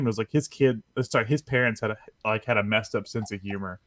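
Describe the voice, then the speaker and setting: A man's voice: fairly low pitch, fairly even intonation, a little fast, fairly bright tone, dry recording, clean studio sound. A man chatting casually on a gaming podcast, reviewing a game with lots of fillers and chuckles. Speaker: podcast co-host.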